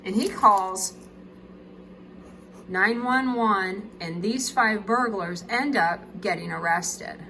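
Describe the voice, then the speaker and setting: A chatty woman teacher walks through a casual video lesson, joking about her drawings and checking in with "okay?". Her voice is bright, with faint background noise. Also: medium pitch, slow, rough recording.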